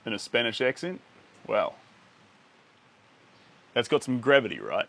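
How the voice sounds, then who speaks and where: A man's voice: mid-range voice, very animated, measured pace, creaky, a bit bright. A man chatting casually with his viewers during a live art stream, rambling and playful, often chuckling. He is recording outdoors under a shelter by a lake.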